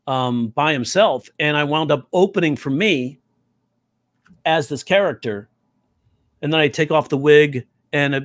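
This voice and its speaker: Animated man telling comedy stories. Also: on the high side, no room sound. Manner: animated storyteller who acts out quoted voices. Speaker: comedy writing teacher. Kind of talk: conversational interview.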